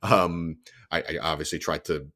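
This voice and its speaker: A man's voice: a bass voice, fairly even intonation, normal speed, sharp tone. A young adult man hosting a solo podcast, talking earnestly and explaining things step by step, often restarting his sentences. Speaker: podcast host.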